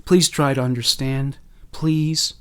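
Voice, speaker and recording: A woman's voice: extremely low pitch, fairly even intonation, clear, resonant tone. A man voicing a desperate, pleading young woman. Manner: pleading, halting. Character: frightened young woman pleading, then defiant.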